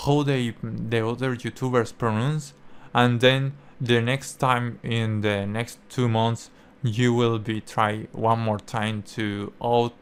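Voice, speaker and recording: A young man whose first language is Spanish, explaining language learning in halting English full of fillers and restarts. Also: mid-range voice, clear, resonant tone. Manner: halting, many fillers and restarts, non-native phrasing. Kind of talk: casual explanatory talk.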